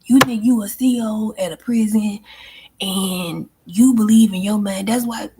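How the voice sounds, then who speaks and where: A woman's voice: mid-range voice, fairly even intonation, measured pace, noisy background. A woman hosting her own channel, venting bluntly and emphatically in a casual monologue, often swearing and repeating herself. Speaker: channel host and life coach.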